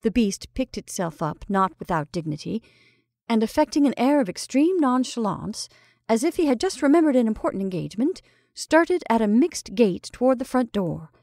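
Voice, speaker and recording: A woman reading a classic short story aloud in a measured, expressive storytelling style. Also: on the high side, no room sound, studio quality. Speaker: story reader. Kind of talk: scripted storytelling narration.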